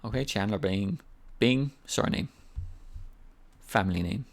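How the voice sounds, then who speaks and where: A man with a fairly low, slightly slow voice teaches an English lesson against a noisy background. He's casual and patient, repeating examples to explain them.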